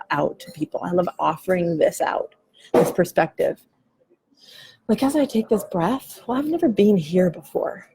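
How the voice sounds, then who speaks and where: A woman's voice: mid-range voice, warm tone, low-quality recording. A woman in her forties talking candidly in a coffee shop, musing loosely and swearing casually as a podcast host. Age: 40s. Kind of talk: candid reflective chat.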